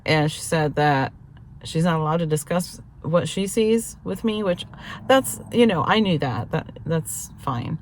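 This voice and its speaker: Low-voiced chatty woman vlogging. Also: measured pace, slight background noise. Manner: chatty, laughs often, self-deprecating storytelling. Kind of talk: casual vlog chat.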